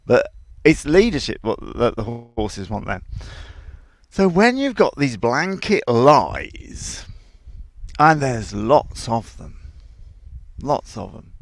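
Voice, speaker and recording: A man's voice: mid-range voice, very animated, slow pace, long pauses, no echo. A man who trains horses, giving casual advice with rambling, digressive anecdotes and frequent chuckles. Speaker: horse trainer and show host.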